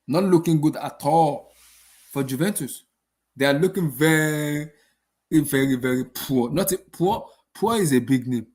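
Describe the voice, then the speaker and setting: A man's voice: a little high, darkish tone. A young man hosting a casual football channel, ranting after a match with exasperated rhetorical questions and lots of repetition. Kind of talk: casual post-match rant.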